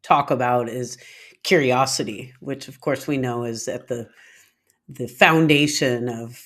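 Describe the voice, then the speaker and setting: A male interviewer who asks his questions haltingly, stopping and restarting partway through. His pitch sits in the middle range for a man. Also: fairly bright tone. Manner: halting, restarts mid-phrase. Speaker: interview host.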